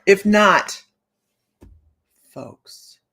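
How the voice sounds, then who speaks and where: A woman's voice: mid-range voice, animated, drawn-out words, bright, forceful tone. A woman in her fifties, a psychic reader hosting a live stream, chatting casually with her viewers, laughing often and playfully talking straight to them. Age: 50s.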